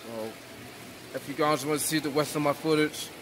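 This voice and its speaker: A man vlogging a casual, rambling apology to camera, halting and repeating himself. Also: a little high, noisy background. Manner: repetitive, halting, with restarts.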